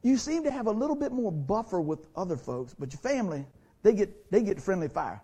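A man's voice: high-pitched, very animated, fairly quick, dark tone, slightly rough. A middle-aged man as pastor, preaching a sermon to his church in a folksy, conversational way, acting out the quotes of the people in his stories. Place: church sanctuary.

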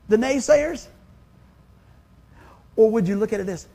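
A man's voice: sits high, animated, a little slow, gravelly, pauses often, dark tone. A man, preaching a sermon in a folksy, conversational way. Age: 50s. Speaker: pastor.

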